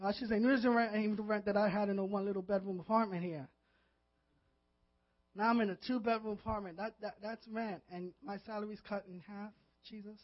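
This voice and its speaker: High-voiced man preaching earnestly. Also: fairly quick. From Puerto Rican background. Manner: earnest, animated preaching that swells into fervent emotion. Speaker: pastor. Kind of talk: sermon. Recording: dull lo-fi audio.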